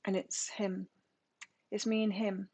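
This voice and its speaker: A woman's voice: medium pitch, flat delivery, slow, dark tone. A woman doing a live tarot reading, reading card meanings aloud and then musing on them in a casual way. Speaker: tarot reader.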